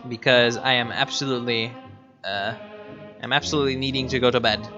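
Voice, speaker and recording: A man giving casual, profane, excitable commentary while livestreaming a strategy game, often laughing. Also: mid-range voice, brisk. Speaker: streamer. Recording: dull lo-fi mic with faint music.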